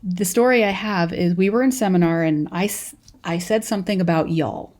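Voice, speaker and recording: Mellow-voiced Californian woman lecturing. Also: fairly low pitch, normal speed. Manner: conversational, storytelling teacher with many restarts. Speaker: college professor. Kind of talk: recorded lecture.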